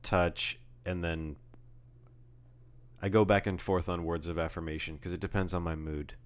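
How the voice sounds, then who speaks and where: A man with a very low voice chats casually as a podcast co-host. He jokes and rambles through stories. He sounds like a young adult. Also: steady tone, normal speed. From Southern California. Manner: joking, rambling storyteller. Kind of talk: casual chat.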